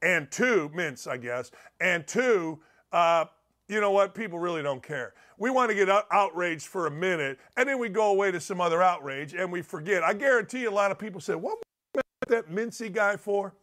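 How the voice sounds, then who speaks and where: A middle-aged man hosting a sports talk show, loud, rambling and jokey, swinging from shouts to low mutters. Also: animated, fairly quick. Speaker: sports radio host. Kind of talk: energetic sports talk monologue.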